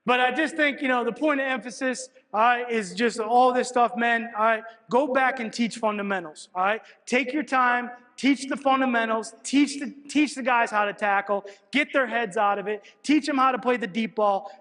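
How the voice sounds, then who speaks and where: High-voiced coach lecturing in a reverberant hall. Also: male voice, moderate pace, hardly any pauses. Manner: animated storytelling, frequent "all right" checks. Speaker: football coach presenting at a clinic. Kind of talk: coaching clinic talk, film breakdown. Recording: long reverb in a large hall.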